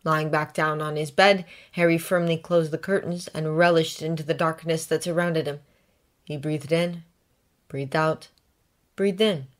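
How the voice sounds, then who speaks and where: A woman reading a fan story aloud in a measured, even way, as scripted narration. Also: low voice. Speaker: audiobook reader.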